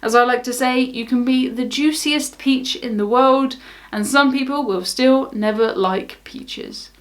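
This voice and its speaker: A young woman from the south of England speaks in a casual, wry vlog style, shrugging off criticism. Her southern English accent is clear, and her voice sits slightly high. She sounds unbothered and easygoing. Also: measured pace. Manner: wry, unbothered, laughs things off. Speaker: cruise vlogger. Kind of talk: casual talk to camera.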